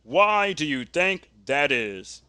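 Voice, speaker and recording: A man voicing a male backstage wrestling interviewer who asks questions in a halting announcer style. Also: fairly high pitch, very animated, bright, forceful tone, clear, resonant tone, no echo, exaggerated voice. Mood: formal.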